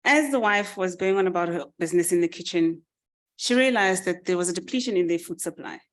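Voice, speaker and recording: A woman giving a speech, narrating a farmyard fable with lively, animated delivery. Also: lowish voice, fairly quick. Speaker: summit speaker. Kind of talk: storytelling speech.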